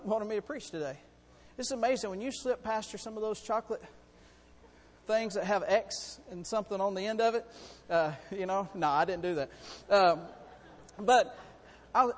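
A man with a very high voice preaches a sermon, excitable and full of fervor. He swings between soft, chatty asides and loud, exclaiming bursts. His voice rings with the long reverb of a church sanctuary. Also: normal speed. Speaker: pastor.

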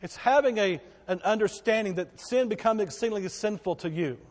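A man preaching a sermon as pastor, swinging between loud, emphatic declarations and hushed, quiet passages. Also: high-pitched, fairly quick, long reverb tail.

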